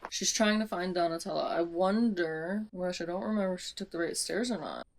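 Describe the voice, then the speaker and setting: A young woman vlogging casually about a book she is rereading, dramatic and foul-mouthed, with sudden loud outbursts. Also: on the low side, fairly quick, noisy background. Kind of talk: casual reread commentary with read-aloud passages.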